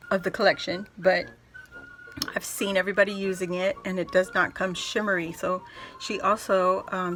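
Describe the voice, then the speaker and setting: A woman craft vlogger opening happy mail, gushing and excitable as she chats casually. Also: mid-range voice, rough recording. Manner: gushing, excitable, squeals often. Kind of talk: casual unboxing chat.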